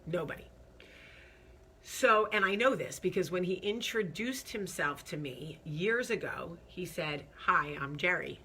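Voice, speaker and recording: A woman's voice: lowish voice, expressive, measured pace, fairly bright tone, a little hiss or hum. A woman hosting her own talk show, telling a story casually, chatty and candid with lots of fillers, sounding stressed and nervous. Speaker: vlog host.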